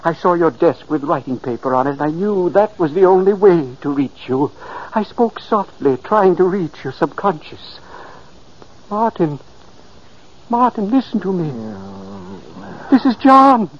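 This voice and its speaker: An actor playing the earnest, pleading spirit of a dead older man in a 1940s radio drama. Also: sits high. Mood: urgent. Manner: solemn, urgent narration. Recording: muffled old radio recording.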